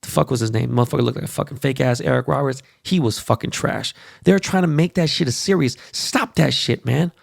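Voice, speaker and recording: On his podcast, a man delivers a loose, foul-mouthed, energetic rant about basketball and plugs upcoming events. His mid-range voice has vocal fry, he talks a little fast with few pauses, and the studio recording is clean with no room sound.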